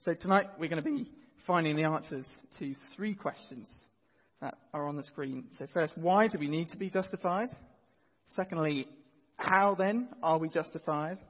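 Husky-voiced man preaching in an echoing hall. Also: fairly high pitch, moderate pace, lo-fi sound. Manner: earnest, vivid storytelling, leads the congregation in reading. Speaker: pastor. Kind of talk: sermon. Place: church.

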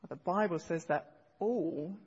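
Preacher, male, earnest, repeats key lines, slightly husky, long hall echo, muffled recording. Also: fairly high pitch, takes it slowly, a little mellow. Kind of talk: sermon. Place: church hall. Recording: dull sound with long hall reverb.

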